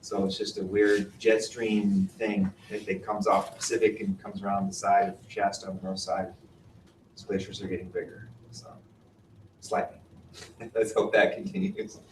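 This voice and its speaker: A man's voice: sits low, little pitch movement, moderate pace. A man giving a classroom lecture on glaciers, quizzing the class and explaining patiently. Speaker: mountaineering instructor. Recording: roomy, distant mic with faint noise.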